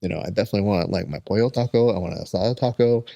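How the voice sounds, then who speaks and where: A young adult man hosting a podcast, chatting casually and telling lively stories, acting out the people he quotes. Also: on the low side, racing, vocal fry, dull audio. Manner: animated storyteller who acts out quoted people. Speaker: podcast host. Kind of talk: casual chat.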